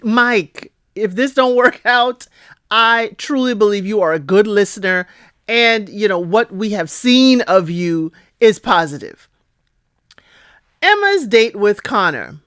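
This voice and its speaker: A woman's voice: mid-range voice, slow, no echo, clean studio sound. Chatty woman recapping a TV show. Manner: chatty and expressive, keeps asking "okay?" and addresses listeners as "y'all". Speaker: reality TV recap vlogger. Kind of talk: casual recap commentary.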